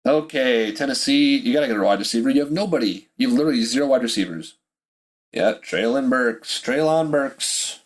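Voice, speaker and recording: A man's voice: mid-range voice, lively intonation, brisk. A man with a Pittsburgh accent hosting a podcast, reacting live to a football draft, swinging between disbelief and ranting while drinking beer. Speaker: podcast host.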